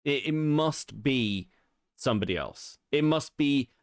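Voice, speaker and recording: A man co-hosting a casual commentary podcast, talking in an animated, mocking way and swearing freely. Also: mid-range voice, a little slow, no echo, studio quality. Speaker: podcast co-host.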